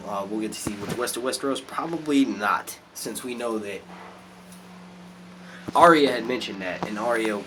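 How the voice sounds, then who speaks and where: A man hosting a casual live stream, animated and swearing a lot as he reads out chat comments. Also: fairly low pitch, very noisy. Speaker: youtube live stream host.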